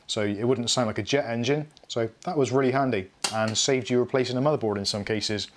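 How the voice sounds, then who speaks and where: A man's voice: mid-range voice, brisk, a little hiss or hum. Guy, middle-aged, rambling live tech chat, pokes fun at himself. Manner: chatty, rambling, self-mocking humour. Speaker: tech channel host. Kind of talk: casual live unboxing chat.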